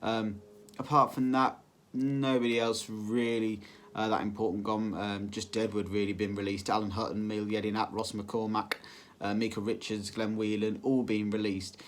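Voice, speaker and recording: A man's voice: lowish voice, level tone, moderate pace, slight background noise. Male vlogger, casual and rambling, filler-heavy delivery. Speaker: football vlogger. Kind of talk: casual solo prediction vlog.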